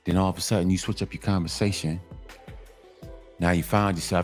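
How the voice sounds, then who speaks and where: A man's voice: low voice, steady tone, a little fast, faint music behind. A man delivering a casual monologue to other men, emphatic and repetitive, in a preachy tone. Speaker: commentary channel host.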